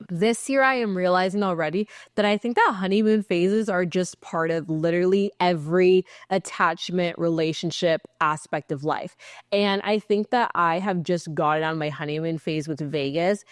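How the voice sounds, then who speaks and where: A young woman from Texas, a podcast co-host, telling a road-rage story in casual chat, swearing freely and acting out the quotes with big jumps in pitch. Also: no echo, clean studio sound.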